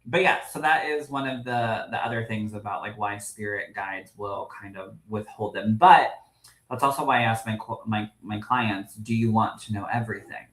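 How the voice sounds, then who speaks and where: A man co-hosting a podcast as a medium, telling stories in a lively way, laughing often and greeting live viewers. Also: on the low side, moderate pace, roomy sound, rough recording. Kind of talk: casual livestream chat.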